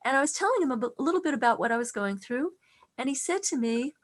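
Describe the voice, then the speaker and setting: A middle-aged woman giving a talk on faith. She tells stories earnestly and softens to a hush on tender lines. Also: high-pitched, lively intonation, fast talker. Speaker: speaker on faith.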